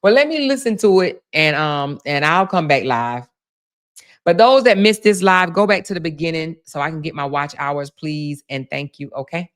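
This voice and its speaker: A woman hosting a casual livestream, reading viewer comments aloud and laughing, teasing and swearing freely as she talks straight to her viewers. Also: normal speed. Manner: animated, swinging between loud exclaims and low asides. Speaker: blogger and livestream host.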